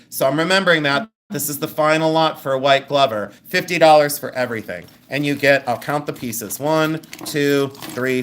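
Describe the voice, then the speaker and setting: A woman's voice: sits low, fairly bright tone. Chatty woman selling jewelry live. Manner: rambling, chatty, thinks aloud. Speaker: live-stream jewelry seller. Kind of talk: live sales stream chat.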